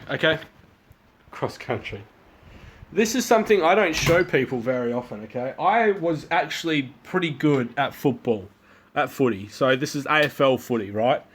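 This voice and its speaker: A man's voice: mid-range voice, fairly bright tone. A man with an Australian accent hosting a livestream, telling stories in a rambling, casual way with repeated words and free swearing. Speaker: livestream host. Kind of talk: casual chat and joke telling.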